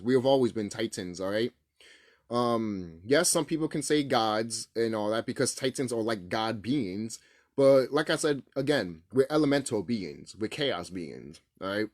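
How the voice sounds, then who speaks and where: A man rants to his camera in a loose, profane, emphatic way, his pitch jumping around a lot. The sound is dry and close, with no room around it. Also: lively intonation, moderate pace, dry recording. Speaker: vlogger. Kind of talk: casual spiritual rant to camera.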